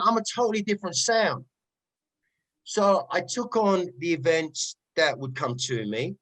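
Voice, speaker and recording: A middle-aged man with a Cockney accent, a rave MC guest telling stories in a casual interview, animated and often checking in with "right?". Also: on the high side, moderate pace, rough recording. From East London. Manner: animated storyteller, frequent "right?" asides.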